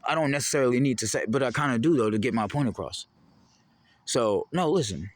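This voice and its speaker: A man's voice: medium pitch, animated, a little fast. A man in a heated, rambling, profane monologue to the camera. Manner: heated, rambling, profane, jumping between topics. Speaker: vlogger.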